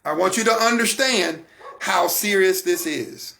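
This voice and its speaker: A man's voice: sits high, a little slow, gravelly, pushed and bright. An American man hosting a Christian broadcast, giving an emphatic, repetitive sermon-like talk straight to his listeners. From United States.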